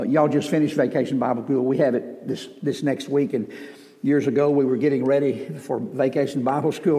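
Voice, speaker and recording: A man's voice: medium pitch, warm tone. A man preaching a sermon as pastor, telling folksy stories with joking asides. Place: church sanctuary. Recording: reverberant church hall.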